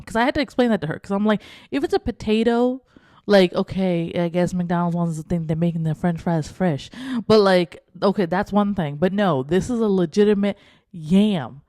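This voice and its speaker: A young woman co-hosting a podcast, telling a story in casual chat and acting out the dialogue with lively energy. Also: on the low side, normal speed, no room sound, studio quality. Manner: animated, acts out quoted dialogue. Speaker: podcast co-host.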